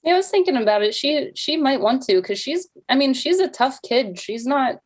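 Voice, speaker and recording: A woman co-hosting a casual livestream chat, speaking in an earnest, gentle and slightly self-conscious way. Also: high-pitched, expressive, moderate pace.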